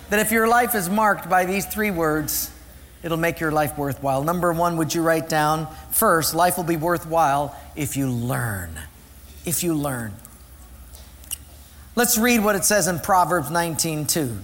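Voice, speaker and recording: High-voiced pastor preaching in an echoing hall. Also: male voice, a bit bright. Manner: storytelling with playful voices and laughter. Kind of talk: sermon.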